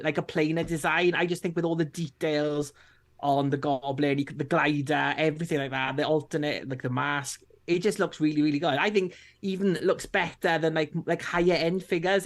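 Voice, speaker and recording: A man co-hosting a casual live stream, relaxed and rambling, with lots of restarts and fillers. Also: on the high side. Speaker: co-host.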